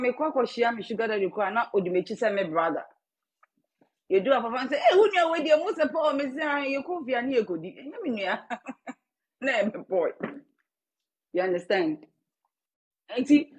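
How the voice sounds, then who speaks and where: Husky Ghanaian woman chatting while eating. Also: medium pitch. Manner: chatty, drifting between English and Twi while eating. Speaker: vlogger. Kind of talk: casual eating-show chat.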